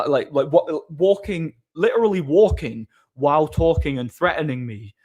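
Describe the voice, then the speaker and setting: A man's voice: a little high, normal speed, few pauses, a little mellow. A young man chatting casually on his livestream, telling rambling door-work stories and laughing at them. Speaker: streamer and bar doorman.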